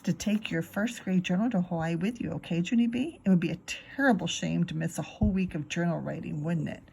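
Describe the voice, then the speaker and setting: A woman voicing a friendly, cheerful male grade-school teacher who speaks in a gentle, coaxing way in a storybook reading. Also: fairly low pitch, a little fast, creaky, slight background noise.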